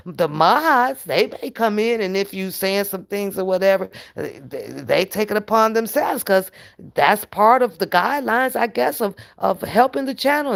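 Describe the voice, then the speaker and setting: A woman hosting her own channel in a casual, profane livestream rant, animated and laughing often. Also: fairly high pitch, creaky. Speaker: channel host.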